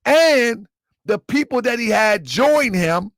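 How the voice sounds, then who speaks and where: Male commentary host, high-pitched, dry close mic, insistent and repetitive, keeps asking listeners questions. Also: lively intonation, slow, a bit bright, no echo. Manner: emphatic, repeats points, quizzes listeners. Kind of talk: live commentary to viewers.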